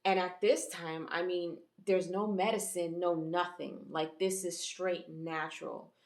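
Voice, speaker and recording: A woman's voice: lowish voice, fairly even intonation, unhurried, echoey room. A woman host giving a casual, chatty episode review, rambling with fillers and restarts. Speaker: YouTube reviewer and channel host.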